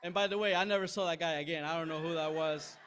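A middle-aged male pastor delivers a sermon in a church, his voice sitting slightly high. He tells a personal story with animated, self-deprecating humor, often checking in with "right?". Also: fast, a little hiss or hum. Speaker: preacher. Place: church sanctuary.

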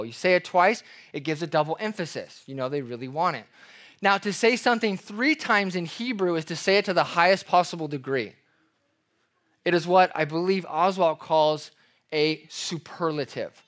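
At a normal speed and in a slightly high voice, a man delivers a sermon as a pastor. He gives scripture emphatic readings and brings everyday examples to life with playful character voices, preaching expressively throughout.

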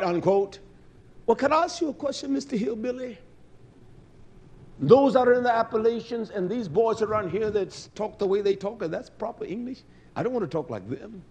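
Male preacher, sermon, high-pitched voice, fervent, alternates shouting and muttering. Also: animated, normal speed, husky. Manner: impassioned, swinging between loud declaiming and low muttering.

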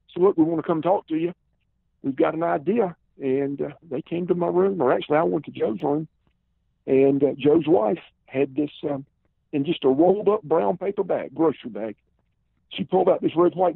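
A man in his fifties with a Southern accent, telling long stories in a relaxed way as a podcast guest, heard over a tinny phone line. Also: a little high, gravelly, slightly rough, no echo. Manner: relaxed storyteller, many "uh" and "and" fillers. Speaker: podcast guest, former pro wrestler. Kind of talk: casual storytelling interview.

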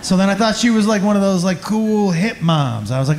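A man's voice: high voice, fast, few pauses, darkish tone, echoey room, a little hiss or hum. A man telling a crude, self-mocking stand-up story on a comedy club stage.

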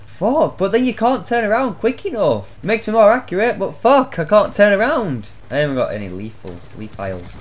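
A young man giving loud, swear-filled live commentary on his own gameplay, shouting out reactions as he plays. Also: high-pitched, animated, brisk, few pauses. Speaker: gaming channel host.

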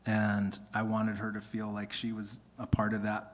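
Speaking in a lowish monotone at normal speed, a male singer-songwriter whose voice is tired from singing fills the gaps between songs with rambling, self-interrupting stories. He is performing live on a music venue stage. The concert stream has a long hall reverb.

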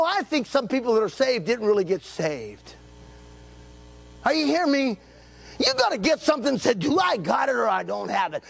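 A man, preaching a fervent sermon in a church, repeating his phrases and often shouting them. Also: very high-pitched, gravelly, husky. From Texas. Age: late 70s. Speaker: pastor. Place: church sanctuary.

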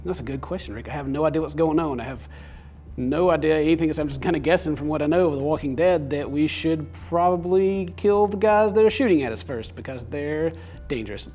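A man's voice: a little high, brisk, darkish tone. A young man giving goofy, rambling commentary as he plays a mobile game. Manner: goofy, rambling, self-amused. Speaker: gaming video host. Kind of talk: casual let's play commentary.

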